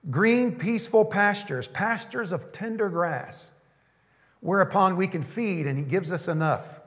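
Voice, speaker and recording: Man, pastor, sermon, high voice, emphatic, slows for scripture, hall reverb. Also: fairly bright tone. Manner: emphatic preaching, slowing down to stress scripture lines.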